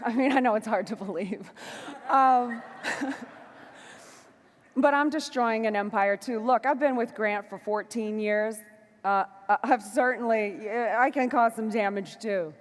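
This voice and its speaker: A woman giving a motivational stage talk to a live audience, fiery and emphatic, moving between shouts and soft asides. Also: a little high, big-room sound. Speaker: motivational speaker. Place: large hall before a live audience.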